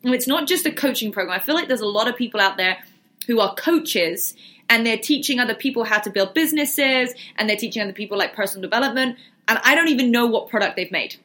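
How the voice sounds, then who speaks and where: Answering viewers' questions on a livestream, a young woman who vlogs about fitness and business keeps things casual and conversational. Her voice is on the high side and a bit bright, expressive and fast.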